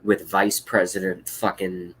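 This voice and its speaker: A man in his thirties rants on a live stream, blunt, sarcastic and profane. His voice sits low but cuts through with a sharp, forceful edge. He reacts to chat comments as they come in. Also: flat delivery, measured pace, breathy edge. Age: 30s. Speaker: political vlogger.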